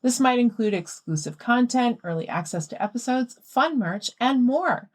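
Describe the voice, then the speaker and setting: A woman hosting a podcast in a casual, chatty way, animated and quick to laugh. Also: fairly high pitch. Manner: animated and giggly. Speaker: podcast host.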